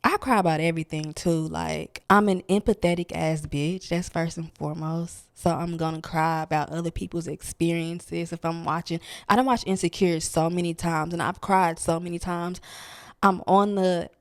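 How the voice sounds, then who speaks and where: A woman's voice: fairly low pitch, fairly even intonation, normal speed, no room sound, clean studio sound. A young woman, talking candidly and earnestly in a reflective vlog monologue, dropping slang and checking in with "okay?" as she goes. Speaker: wellness vlogger.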